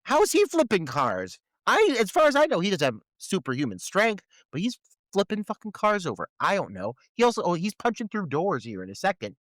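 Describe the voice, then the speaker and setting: A man's voice: high voice, wildly swooping pitch, brisk, fairly bright tone, no echo. A man co-hosting a casual film-review podcast, ranting with profanity and rhetorical questions about what annoys him. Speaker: podcast co-host.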